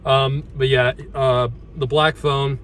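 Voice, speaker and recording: A man hosting a casual movie review, halting often with ums and restarts as he talks through a horror mask. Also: mid-range voice, flat delivery, fairly bright tone, slight background noise.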